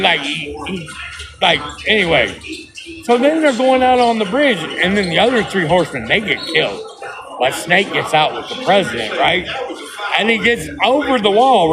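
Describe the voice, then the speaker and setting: A man in a rambling comedic monologue, talking excitedly and breaking in with quick checks for agreement. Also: sits high, rough recording. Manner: excited, rambling, keeps asking "right?".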